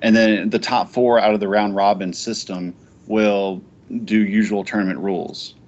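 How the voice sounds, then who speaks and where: Excitable rambling man on a lo-fi podcast. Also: on the low side, normal speed. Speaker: podcast host. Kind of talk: casual gaming podcast chat.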